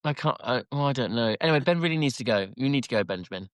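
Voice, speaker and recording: A man's voice: mid-range voice, lively intonation, very fast, clean tone, no echo. A man co-hosting a podcast in casual chat, hesitant and often stumbling over his words. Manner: hesitant, stumbling, self-deprecating. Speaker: podcast co-host.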